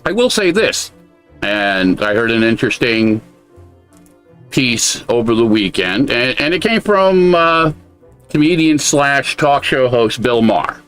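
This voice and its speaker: A man's voice: mid-range voice, big pitch swings, unhurried, fairly bright tone, clean tone, faint music behind. An American man co-hosting a podcast, giving blunt, casual commentary with a lot of swearing. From United States. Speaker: podcast co-host.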